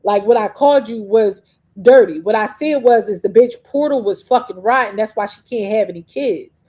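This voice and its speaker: Woman, young adult, podcast host, casual rant, profane, combative, rambling, mellow tone. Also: medium pitch, moderate pace.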